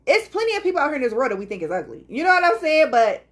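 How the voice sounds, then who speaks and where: Animated woman with lively pitch. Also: racing. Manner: animated storytelling, quotes others with voices, laughs often. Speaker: podcast co-host. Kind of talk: casual chat.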